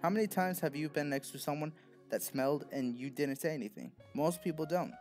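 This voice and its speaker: A man's voice: fairly high pitch, a little fast, darkish tone, faint music behind. A man delivering an opinionated commentary monologue, talking bluntly and lecturing the viewer directly. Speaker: video essayist.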